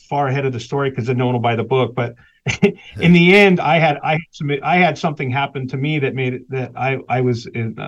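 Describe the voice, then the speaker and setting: A man's voice: mid-range voice, lo-fi sound. A man, a guest author, animatedly telling a personal story in conversation, laughing between lines.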